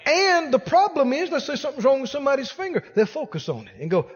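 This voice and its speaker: A man preaching a sermon to a congregation in a church auditorium. His voice sits very high and his pitch rises and falls with lively force as he hammers points home through repetition. The sound carries a long, ringing hall reverb. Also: quick pace, few pauses. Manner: emphatic, repetitive preaching exhortation; addresses the congregation directly. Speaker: pastor.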